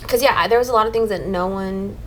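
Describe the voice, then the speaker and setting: A woman's voice: medium pitch, brisk, slight background noise, low-quality recording. A young woman co-hosting a casual podcast chat about new motherhood, talking freely with many fillers and acting out her own past thoughts. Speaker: podcast co-host.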